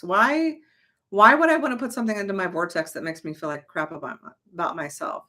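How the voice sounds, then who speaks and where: A woman's voice: mid-range voice, lively intonation, moderate pace, pauses often, bright, forceful tone. A young adult woman giving a casual, emphatic motivational talk as a manifestation coach, chatty and swearing lightly.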